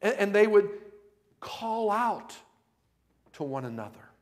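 A man preaching a sermon at a camp meeting, telling a story slowly and rising to impassioned, loud cries. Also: high voice, big pitch swings. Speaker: pastor.

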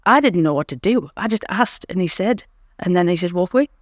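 A woman guest in an interview, telling her recovery story in an earnest, reflective way with pauses. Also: lowish voice, animated, dry recording, clean studio sound. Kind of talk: candid interview talk.

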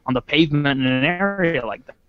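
A man's voice: on the high side, lively intonation, a little fast, clean tone, no room sound, dull audio. A man in casual chat, making wry, teasing remarks.

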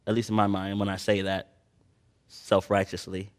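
A man preaching a sermon, reading scripture slowly and swinging between loud emphatic passages and quiet personal asides. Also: fairly low pitch, lively intonation. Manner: slow drawn-out Bible reading.

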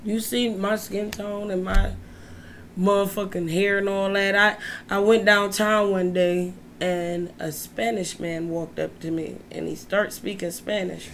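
A woman's voice: medium pitch, unhurried, slight background noise. A woman in casual chat, blunt and profane, telling stories with lots of energy. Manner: blunt, profane, animated storyteller. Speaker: co-host.

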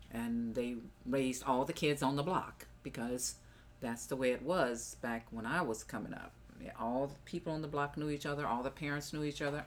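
In this casual family chat, an older mother appears as a podcast guest, her bass voice drifting through stories and reflections on raising her kids. She's storytelling and wandering, and there's a little hiss or hum on the recording.

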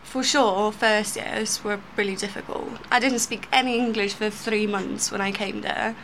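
A woman's voice: medium pitch, steady tone, normal speed, a bit bright, rough recording. Easygoing young woman from Poland. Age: 20s. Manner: easygoing, self-mocking, a few hesitant fillers. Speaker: guest. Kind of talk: casual interview chat. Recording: faint background noise.

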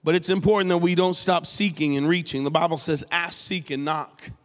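A man from New England preaching a sermon as the pastor, animated and joking as he tells stories. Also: on the high side, fairly quick. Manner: animated, jokey storytelling preacher. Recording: long reverb in a large hall.

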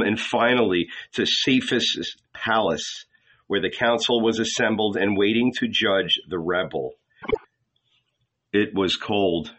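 A man reads a novel aloud in a slow, deliberate way. His voice sits low but has a bright, forward tone. The recording is slightly dull. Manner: measured, deliberate. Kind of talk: slow dramatic reading of a novel.

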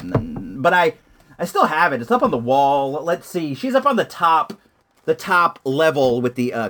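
A chatty man talks to his camera in a loose, easygoing way, his voice leaping high and dropping low as he gets excited. His pitch sits in an ordinary middle range. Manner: laid-back and chatty, full of "like" and "dude"; excitable, voice jumping up and down. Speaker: toy collector reviewing action figures. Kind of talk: casual chat to camera.

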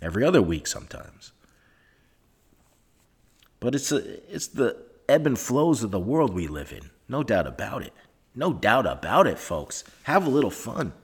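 Rambling sarcastic man, husky voice. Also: medium pitch, sing-song, moderate pace. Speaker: podcast host. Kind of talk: rambling solo podcast monologue. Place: soundproofed room at home. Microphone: microphone recorded to laptop.

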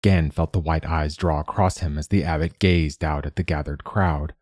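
A man reading a novel aloud in measured, steady scripted narration. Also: very deep voice, dry recording, clean studio sound. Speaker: audiobook narrator.

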